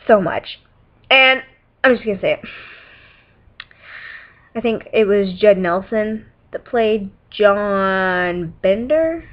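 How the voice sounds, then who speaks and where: A teenage girl rambles about films she loves in a casual vlog, loose and chatty, with plenty of "like" and "um" and little giggling breaks. Her voice is mid-pitched for a young woman, and the webcam audio sounds dull and lo-fi.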